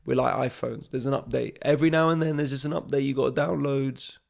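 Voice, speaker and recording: A man's voice: mid-range voice, steady tone, fast, creaky. A man, a comedian and podcast host, rambling sarcastically through a comic monologue, often trailing off.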